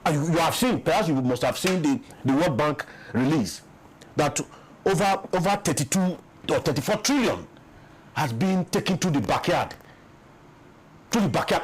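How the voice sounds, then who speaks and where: A man with a Nigerian English accent, a peace commission official appearing as an interview guest, offers impassioned, emphatic political commentary, repeating words as he builds his points. His voice is a little high and slightly rough, and the recording is rough too.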